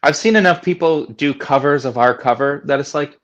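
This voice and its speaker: A man co-hosting a casual livestream, animated and joking. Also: a little high, brisk, hardly any pauses, muffled recording. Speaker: band member co-hosting a livestream.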